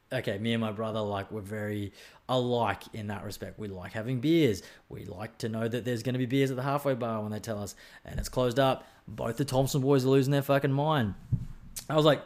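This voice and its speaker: A young man with an Australian accent telling a rambling, sweary story in a casual podcast chat, acting out bits of dialogue. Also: on the low side. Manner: rambling, sweary, animated storytelling with acted-out quotes.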